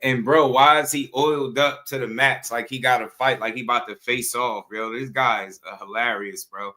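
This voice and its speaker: A man's voice: medium pitch, steady tone, moderate pace, sharp tone. A man hosting a boxing channel, talking in loose, slangy commentary and often breaking into laughter.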